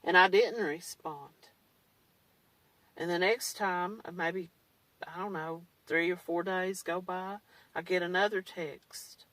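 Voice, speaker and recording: A woman's voice: fairly low pitch, steady tone, takes it slowly, a bit bright, no echo, distant mic, poor audio. A woman talking in a blunt, candid way, with mild swearing, in a casual monologue. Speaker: survivor vlogger. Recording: dry, set back from the mic.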